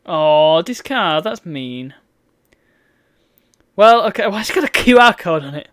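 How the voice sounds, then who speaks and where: A woman's voice: lowish voice, expressive, measured pace, no room sound, studio quality. A woman chatting through a live game stream, with exasperated outbursts at the game. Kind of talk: live gameplay commentary.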